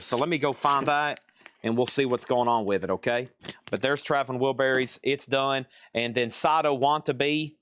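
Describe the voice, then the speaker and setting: A man's voice: medium pitch, fairly bright tone, dry recording. A man hosting a live-stream vinyl record sale, chatting casually as he reels off prices, grades and bidder names. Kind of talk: live-stream auction chat.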